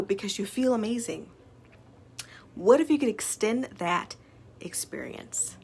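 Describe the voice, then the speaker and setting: A woman's voice: medium pitch, fairly quick. Upbeat woman vlogging about self growth, chatty, lots of ums. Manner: chatty, upbeat, many fillers. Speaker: small business owner sharing self-development. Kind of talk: casual talk to camera.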